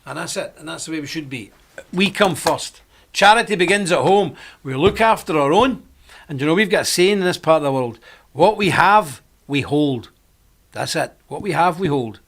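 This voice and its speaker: A middle-aged man hosts a live stream and talks on in a loose, rambling way. His voice sits a little high for a man, and he laughs often between his points. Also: expressive, fairly quick, fairly bright tone. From Britain. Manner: rambling, chatty, frequent laughs. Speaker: host.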